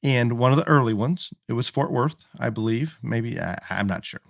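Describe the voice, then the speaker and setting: A man co-hosting a podcast, speaking in a relaxed, joking way and stumbling over a few restarts. His voice is mid-pitched and plain. It is recorded close and dry. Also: gravelly, dry recording. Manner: easygoing, joking, halting restarts. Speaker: podcast co-host. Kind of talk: casual conversation.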